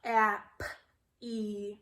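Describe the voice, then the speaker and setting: A woman teaching a phonics lesson to kindergartners on video, speaking slowly and in a sing-song manner as she reads and spells along. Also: mid-range voice, level tone, a bit bright. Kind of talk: video lesson for young children. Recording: echoey room.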